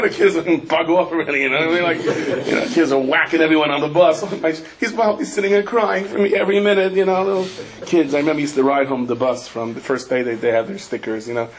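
Man, rabbi, Torah class, anecdotal storytelling, fairly high voice. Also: steady tone, fast talker, few pauses.

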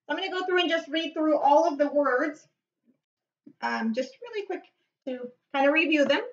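A woman teaching Spanish vocabulary in a slow lesson, repeating each word and spelling it out. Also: sits high. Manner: repeats words slowly, spells and explains. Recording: echoey, distant, dull lo-fi recording.

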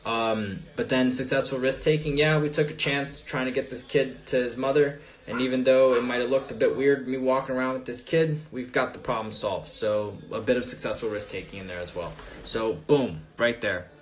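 A man coaching on dating, telling a story in a casual, profane, animated way during a live Q&A. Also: mid-range voice, moderate pace, few pauses.

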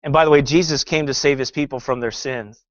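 A man's voice: medium pitch, steady tone, fairly quick, no room sound, dull audio. A male pastor preaching a sermon that critiques a film, fervent and sarcastic by turns, often reading scripture aloud.

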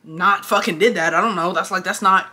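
A young woman telling a story on her vlog in a casual, animated, blunt way, cursing often, recorded indoors at close range. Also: lowish voice, a little fast. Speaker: vlogger. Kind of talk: casual storytime while getting ready.

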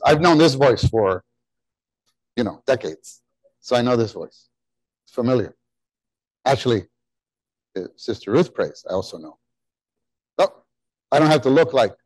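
Man, sermon, conversational and animated, near-shouts and soft asides, mid-pitched voice, dry close sound. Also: normal speed, pauses often, dry recording, rough recording. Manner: animated, rising to near-shouts on key words; drops into soft, quiet asides when quoting God. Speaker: preacher.

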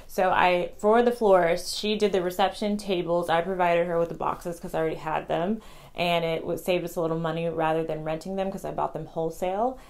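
A young woman vlogger chatting casually about her wedding, rambling and fast with many ums and restarts. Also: lowish voice, steady tone, a little mellow. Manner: talks fast. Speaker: vlogger sharing wedding tips. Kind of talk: casual chat to camera.

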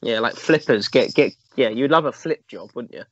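A young man co-hosting a reaction video, bantering crudely and casually. His pitch swings a lot as he talks. The sound is dry and a little dull. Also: animated, moderate pace, a bit bright, no room sound. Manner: crude joking, playful repetition.

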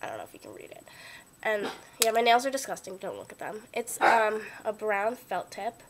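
A young woman with a cold chatting excitedly about her favorite makeup, gushing and full of "like" and "oh my God", recorded on a computer webcam mic at home. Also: mid-range voice, normal speed, heavy background noise. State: sick, voice lower than usual. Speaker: beauty vlogger. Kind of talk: casual chat. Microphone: built-in computer webcam mic.

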